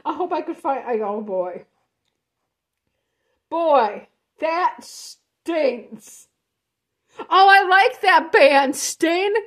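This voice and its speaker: A woman's voice: high-pitched, lively intonation, very slow, long pauses. A woman hosting a casual reaction vlog, reading a post aloud and commenting on it in a rambling, blunt way, with frequent restarts and swearing. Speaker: show host.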